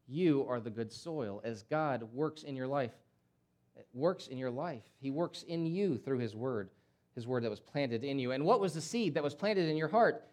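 Fiery preacher, loud swells and hushes. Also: male voice. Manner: impassioned, surges loud and high, then drops to near-hush; emphatic repetition, rhetorical questions. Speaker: pastor. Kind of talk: sermon.

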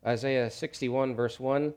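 Preacher, man, mid voice; dynamic sermon, quiet to shouting, dry humor. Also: medium pitch, steady tone, a little slow. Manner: dynamic, swings from hushed to loud shouts. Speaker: pastor.

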